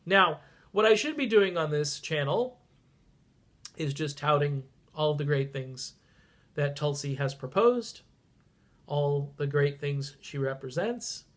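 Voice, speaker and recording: A man's voice: a little high, expressive, slow pace. A man with a congested, stuffy voice, talking casually and sarcastically on a political vlog, swinging from mutters to sudden outbursts. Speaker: political vlogger.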